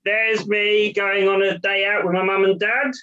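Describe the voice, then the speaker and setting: A man doing a stand-up comedy set from his own room over a video call, with hesitant one-liners full of ums and pauses. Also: high voice, flat delivery, muffled recording, crowd noise.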